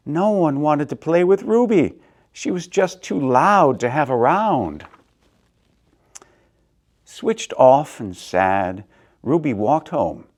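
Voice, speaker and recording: A man reading a children's picture book aloud, swinging between soft and loud in an expressive way. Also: on the high side, slow. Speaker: storyteller, theater director.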